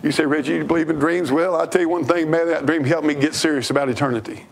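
A man's voice: a little high, steady tone, fast, vocal fry. A man preaching a sermon from the pulpit, emphatic and fervent, repeating his phrases for weight. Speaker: pastor. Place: church.

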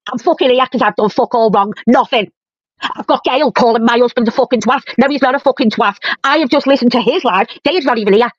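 A middle-aged woman in a heated livestream argument, shouting angrily, swearing heavily and defending herself over a video call. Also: fairly high pitch, quick pace, dry recording. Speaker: livestream participant. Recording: dull lo-fi dry stream audio.

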